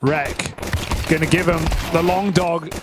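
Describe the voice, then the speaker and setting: A man casting a live esports match with quick, playful commentary. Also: fairly high pitch, fairly even intonation, background noise. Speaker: esports caster.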